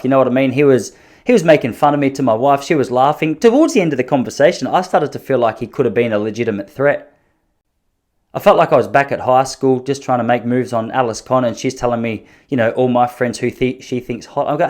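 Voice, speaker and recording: Fast-talking Australian man telling stories. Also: medium pitch, a little mellow. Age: 30s. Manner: rambling, self-deprecating, jokey anecdotes. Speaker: podcast host. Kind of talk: casual solo storytelling.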